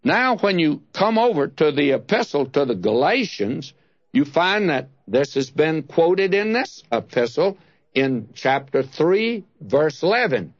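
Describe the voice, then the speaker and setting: Man preaching slow and emphatic, kinda high voice, dry sound, no room. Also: big pitch swings, dry recording, muffled recording. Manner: slow, emphatic, rising stress on key words. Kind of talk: expository sermon.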